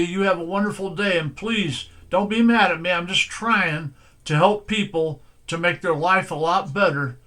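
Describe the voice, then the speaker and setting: A man's voice: high voice, sharp tone. A man, a pastor, giving direct-to-camera sermon-style advice in an earnest, folksy way, repeating his points for emphasis.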